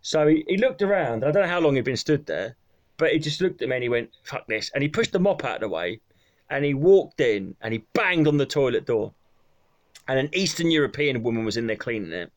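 A man's voice: mid-range voice, lively intonation, brisk. A man co-hosting a podcast, telling a crude, rambling comic story. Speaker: podcast co-host.

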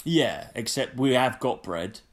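A man's voice: mid-range voice, animated, measured pace. Sweary, indignant man. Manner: sweary, indignant, mimics people in his stories. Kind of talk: casual chat, storytelling rant.

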